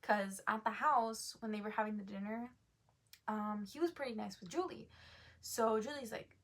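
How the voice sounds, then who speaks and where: A woman's voice: medium pitch, normal speed, fairly bright tone, slight background noise. A woman chatting casually about a book she read, rambling and full of fillers, stopping often to correct herself. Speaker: book reviewer. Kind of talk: casual book review chat.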